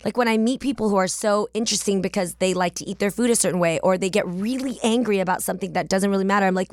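A woman's voice: medium pitch, fast, few pauses, no room sound. A woman in her forties from the San Francisco Bay Area, hosting her podcast in a candid, chatty manner with casual slang. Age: 40s. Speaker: podcast host.

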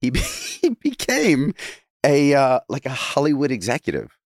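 A man's voice: medium pitch, huge pitch swings, moderate pace, dry recording, clean studio sound. A man guest in a casual podcast chat, rambling through stories with restarts and laughing asides.

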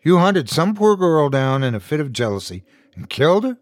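A man's voice: a little high, sing-song, normal speed, no room sound, pitched above the performer's own voice. A man voicing an angry husband who snaps in exasperation. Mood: outraged. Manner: snapping, exasperated.

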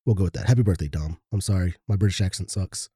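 A man co-hosting a podcast, easygoing, reading out listener shout-outs in casual chat. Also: low-pitched, fast, husky, no echo, studio quality. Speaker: podcast co-host.

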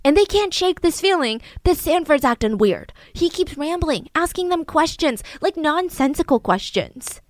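A woman casually retelling a true crime story, animated, acting out the people she quotes. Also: moderate pace, few pauses, no room sound. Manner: animated, acts out quotes with raised pitch and volume.

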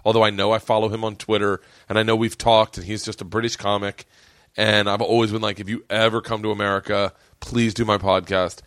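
A man's voice: lowish voice, flat delivery, brisk, a bit bright, dry recording, studio quality. A hungover man hosting a podcast from a hotel room, telling jokes, swearing and laughing a lot in casual chat. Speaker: podcast host.

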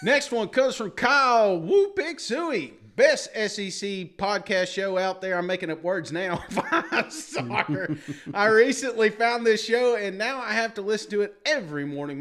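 High-voiced man joking through listener reviews. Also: measured pace, fairly bright tone. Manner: jokey, laughs often, mock-dramatic asides. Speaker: podcast co-host. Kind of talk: reading listener reviews aloud.

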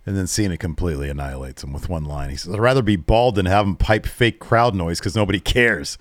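A man's voice: low voice, fast, dry recording, studio quality. A man co-hosting a casual show, animatedly retelling events and acting out what people said. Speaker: podcast co-host. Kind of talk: casual recap of a wrestling show.

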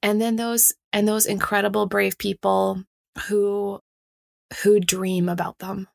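Gravelly-voiced woman host. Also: mid-range voice, little pitch movement, unhurried, no echo, studio quality. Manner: warm reactions, laughs often. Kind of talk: interviewing.

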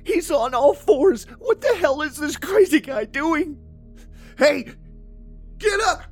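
A woman's voice: sits high, animated, takes it slowly, a little mellow, soft background music, heavily acted. An actress voicing a terrified young woman who cries out and screams for help in a horror audio drama. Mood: panicked. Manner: panicked, crying out, screaming for help.

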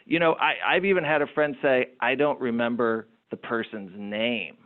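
A man's voice: mid-range voice, moderate pace. Storytelling man on a tinny line. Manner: animated anecdotal storyteller. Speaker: entrepreneur guest. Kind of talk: storytelling interview talk.

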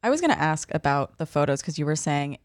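A woman's voice: deep voice, fast talker, no echo, studio quality. A young woman co-hosting a podcast, chatting casually and often chiming in with agreement. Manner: relaxed, chatty, frequent agreeing interjections. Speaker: podcast co-host.

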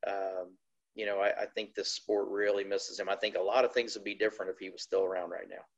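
A man from Indiana, a team owner and former racer, telling racing stories in a casual, animated, plainspoken way. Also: fairly low pitch, fast talker, rough recording. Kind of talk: casual storytelling interview.

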